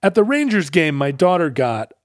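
Casting: middle-aged man, lively storyteller, dry close sound, mid pitch. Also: moderate pace, dry recording. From Seattle area. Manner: animated, acts out loud brash characters in his anecdotes. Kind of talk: casual storytelling chat.

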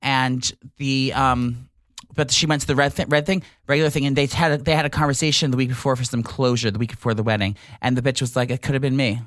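A man's voice: medium pitch, fairly even intonation, fast, fairly bright tone, dry recording, clean studio sound. Casting: a chatty, gossipy male podcast co-host who rambles and restarts, voice in the middle range. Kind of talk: casual chat.

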